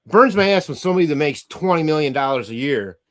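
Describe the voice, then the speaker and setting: A man's voice: on the high side, lively intonation, quick pace. A middle-aged man hosting a livestream, reading chat comments aloud and ranting casually with profanity and frequent laughter.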